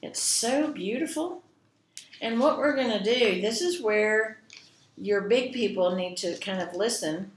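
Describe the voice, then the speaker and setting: A woman librarian telling a children's story, gentle and expressive, speaking directly to the kids. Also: medium pitch, a little slow, slight background noise. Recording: echoey room.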